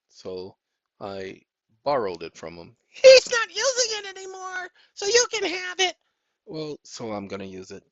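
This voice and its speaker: A man's voice: fairly low pitch, creaky, no room sound. A tired man hosting his channel in a casual, weary, rambling monologue. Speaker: YouTube channel host. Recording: dull dry recording.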